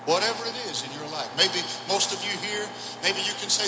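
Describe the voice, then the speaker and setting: A man preaching a revival sermon, impassioned, swinging from shouted declarations to hushed, intimate passages. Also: high-pitched, expressive, fairly quick, few pauses, reverberant, noisy background. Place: large church or auditorium.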